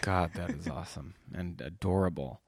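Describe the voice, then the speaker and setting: A man hosting a relaxed, casual chat, talking softly and meandering, often trailing off into quiet asides. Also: deep voice, moderate pace, gravelly, slightly rough, no echo, studio quality. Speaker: podcast host. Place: indoors, lying on a couch cushion on the floor.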